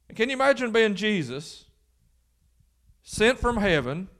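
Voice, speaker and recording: High-voiced pastor preaching. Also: male voice, big pitch swings, a little slow, long pauses, fairly bright tone. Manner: emphatic preaching, rhetorical questions. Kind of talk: sermon.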